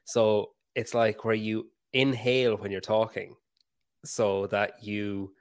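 A man, talking in a loose, rambling way and poking fun at himself. His voice sits a little low, and he swears freely as he chats. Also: level tone, slow pace, smooth. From Ireland. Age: 30s. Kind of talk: casual chat.

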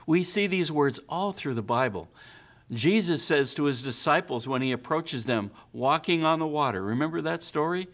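Earnest male pastor preaching. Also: a little high. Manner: earnest preaching, questions to listeners. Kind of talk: sermon.

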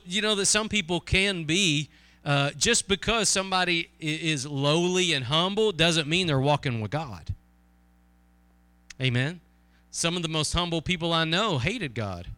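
A man preaching a sermon in an earnest, conversational way, asking his listeners questions and reading scripture slowly and with emphasis. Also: fairly high pitch, bright, forceful tone, no echo.

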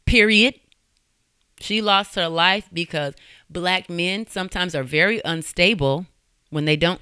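A woman host rants through her true-crime podcast, blunt and profane, breaking into laughing asides. Her voice is bright and crisp. It is recorded close and dry. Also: fairly low pitch, no room sound. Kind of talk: casual true-crime commentary.

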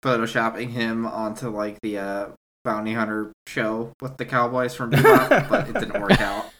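A man's voice: mid-range voice, lively intonation, moderate pace, a bit bright. A man chatting casually on a podcast, blunt and swearing freely. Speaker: podcast co-host. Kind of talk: casual chat.

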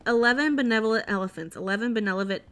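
A woman's voice: on the high side, racing, fairly bright tone, clear, resonant tone. A woman co-hosting a podcast, chatting casually and playfully mocking herself while trying tongue twisters. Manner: self-deprecating, playful. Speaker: podcast co-host.

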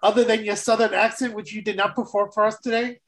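A man's voice: sits high, little pitch movement, fast talker, a bit bright, rough recording. A man co-hosting a podcast in casual chat, rambling and restarting his sentences and laughing often. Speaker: podcast co-host.

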